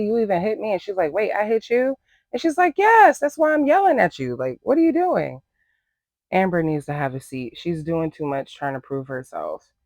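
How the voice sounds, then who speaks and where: Sassy man with a higher voice, dry sound. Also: no room sound. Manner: sassy, animated, acts out quotes in higher voices. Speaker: reality TV recap commentator. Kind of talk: opinionated recap commentary.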